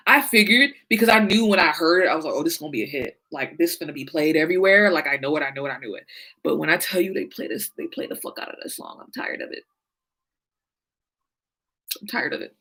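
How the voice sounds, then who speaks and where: A woman's voice: low voice, animated, fast, a bit bright, low-quality recording. A woman talking casually and animatedly about music, laughing often and swearing freely. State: sleepy, yawning. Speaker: podcast host. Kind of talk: casual chat.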